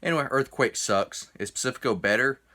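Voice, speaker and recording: A man's voice: mid-range voice, fairly quick, sharp tone. A man rambling through a casual beer review video, a little tipsy after a few drinks. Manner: rambling, chatty, self-interrupting.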